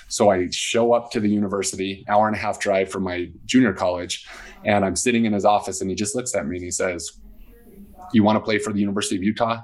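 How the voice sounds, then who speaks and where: A lower-voiced man, appearing as a guest in a casual storytelling interview, tells a story with animation and acts out the dialogue he quotes.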